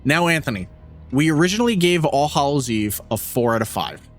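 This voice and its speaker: A man's voice: on the high side, brisk, soft background music. A young man co-hosting a casual podcast, ranting with lots of swearing and acting out scenes in funny voices. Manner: animated, profane, mimics film characters mid-rant. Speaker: podcast co-host.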